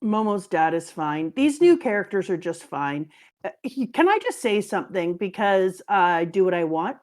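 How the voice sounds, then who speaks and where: A middle-aged woman from Canada, co-hosting a casual stream over a voice call, loud and joking and swearing freely. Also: medium pitch, sing-song, moderate pace. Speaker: co-host and teacher. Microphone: home microphone over a voice call.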